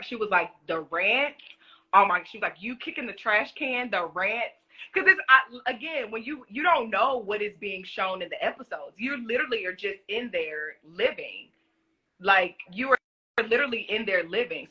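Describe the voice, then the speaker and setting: Bright, husky, giggly young woman. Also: lowish voice, poor audio. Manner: animated, giggly, rambling with restarts. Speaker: former reality show contestant. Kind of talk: casual livestream chat answering comments. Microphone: phone.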